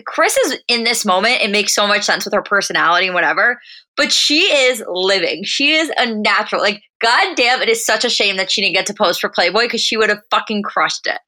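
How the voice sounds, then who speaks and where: A woman's voice: mid-range voice, bright, forceful tone. A woman co-hosting a podcast who chats casually and talks bluntly, swearing freely. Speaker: podcast co-host. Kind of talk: casual chat recapping a reality show.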